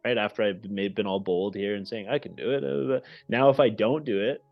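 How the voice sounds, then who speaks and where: A man hosting a casual group call, energetic and animated, often checking in with "right?", heard over muffled lo-fi call audio. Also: lowish voice, normal speed, vocal fry, faint music behind. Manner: energetic and animated, with many restarts and "right?" tags. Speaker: host of the goal call.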